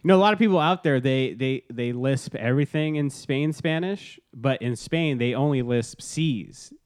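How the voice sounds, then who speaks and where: A man's voice: medium pitch, normal speed, darkish tone. A man co-hosting a casual sports podcast, joking and laughing often as he talks. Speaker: podcast co-host.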